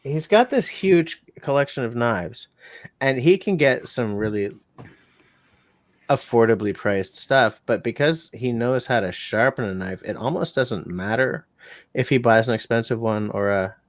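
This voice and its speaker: A man's voice: mid-range voice, lively intonation, unhurried, no room sound. Dry, rambling man hosting a livestream. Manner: rambling, joking, self-mocking. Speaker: bushcraft channel host. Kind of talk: casual livestream chat.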